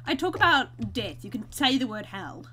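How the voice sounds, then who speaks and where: A woman narrates her game to viewers in a chatty, giggly way. Her voice sits high and swoops around animatedly, with a bright, sharp tone. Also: expressive, moderate pace. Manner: chatty, giggly, talks to viewers while playing. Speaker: gaming video host. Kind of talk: casual let's-play commentary.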